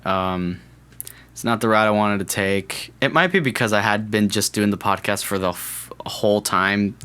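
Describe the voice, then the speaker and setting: A man's voice: fairly low pitch, moderate pace, bright, forceful tone, clean tone. A young man hosting a podcast, chatting casually in a rambling, jokey way, restarting and correcting himself. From California. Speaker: podcast host. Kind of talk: casual solo podcast chat.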